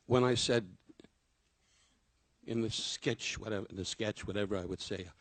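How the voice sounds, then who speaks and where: A man's voice: lowish voice, normal speed, no room sound. An older man, a comedian, giving a rambling, self-deprecating memorial tribute full of anecdotes.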